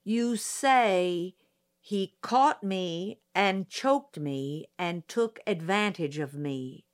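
A woman's voice: on the low side, animated, drawn-out words. A woman reading an audiobook, voicing a middle-aged male lawyer who questions a witness patiently in a dry, detached way. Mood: measured, persistent.

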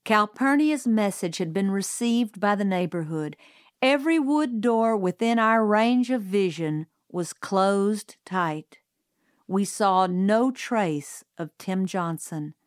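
A woman narrating a storybook aloud in a measured, even storytelling delivery. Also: mid-range voice, no echo, clean studio sound. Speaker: audiobook reader.

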